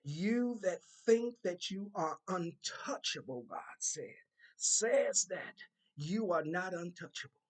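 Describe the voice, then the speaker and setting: Slow husky voice delivering a prophetic warning. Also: medium pitch, lively intonation. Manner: slow, repetitive, emphatic delivery relaying God's words. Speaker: content creator delivering a prophetic word.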